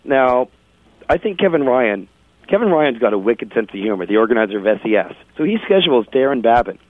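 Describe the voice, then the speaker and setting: A man's voice: medium pitch, very animated, brisk. Chatty male radio host on a tinny line. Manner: chatty, laughing, self-interrupting. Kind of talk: casual radio chat, storytelling. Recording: tinny phone-like radio audio.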